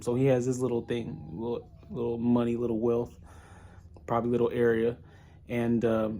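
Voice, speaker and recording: A man's voice: medium pitch, dark tone. A young man casually recapping an audio drama episode, rambling and thinking aloud with many restarts. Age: young adult. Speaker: podcast reviewer.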